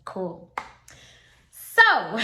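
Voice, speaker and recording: A woman's voice: fairly high pitch, huge pitch swings, drawn-out words, pushed and bright. A young woman in her twenties chatting casually as she tells a personal story, acting out what others said. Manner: chatty, quotes others in acted voices. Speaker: vlogger. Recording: echoey room.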